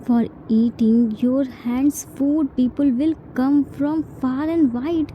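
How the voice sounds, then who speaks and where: A woman's voice: high-pitched, steady tone, takes it slowly, lo-fi sound, a little hiss or hum. A woman voicing a whiny young man, the son of a mafia boss, who wails and pleads melodramatically. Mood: pleading.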